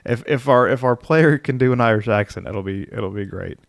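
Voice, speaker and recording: Casting: gravelly, lowish male streamer, dry close-mic sound, casual thinking-aloud chat. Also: a little fast, dry recording. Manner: muses aloud, reads rules text, answers chat. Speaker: streamer building a game character.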